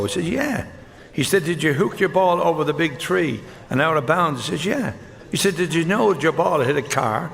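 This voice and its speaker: Irish guy doing stand-up, deadpan one-liners, bit of gravel in the voice, big echoey hall. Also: on the high side. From Ireland. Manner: deadpan joke delivery with quick character switches. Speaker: stand-up comedian. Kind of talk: live stand-up joke telling. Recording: live show in a reverberant hall with audience noise. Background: audience laughter.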